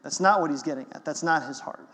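A man's voice: a little high, quick pace, fairly bright tone, long reverb tail. A man preaching a sermon as pastor, emphatic and conversational.

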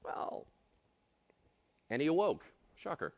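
Animated male pastor preaching. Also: fairly high pitch, slow, gravelly, lo-fi sound. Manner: animated, acts out voices, swings from hushed to shouting. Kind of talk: sermon.

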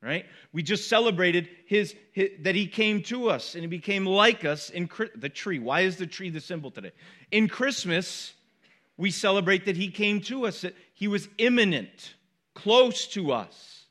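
A man's voice: sits high, lively intonation, moderate pace, a bit bright. A middle-aged man preaching a sermon, emphatic and conversational, repeating key words with rising force and checking in with his listeners. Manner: conversational asides to the congregation. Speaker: pastor.

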